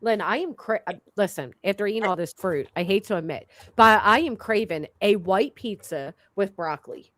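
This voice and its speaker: A woman's voice: mid-range voice, animated, moderate pace, few pauses, a bit bright, no room sound. A woman hosting a stream, chatting casually in a mocking tone and laughing often. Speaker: stream host. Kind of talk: casual commentary chat.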